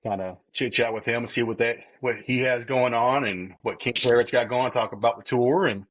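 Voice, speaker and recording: A man's voice: mid-range voice, moderate pace, a bit bright, dry recording, lo-fi sound. A man hosting a casual podcast, rambling a little. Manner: rambling, fillers and restarts. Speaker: podcast host. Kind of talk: casual chat.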